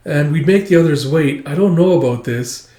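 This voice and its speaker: A man reads the lines of a gentle young wife, softly and plainly, in a fairly high voice. An echoey room rings behind him. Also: normal speed, lightly acted.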